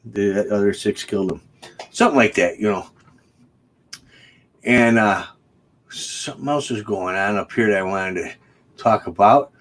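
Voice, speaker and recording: A man's voice: lowish voice, normal speed, long pauses, fairly bright tone. Man, host, casual livestream chat, joking, chatty, laughs a lot.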